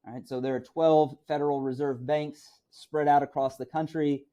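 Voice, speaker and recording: A man's voice: on the high side, level tone, moderate pace, mellow. A middle-aged man from Missouri lecturing as a teacher, talking conversationally and checking in with "right?" as he goes. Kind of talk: classroom lecture.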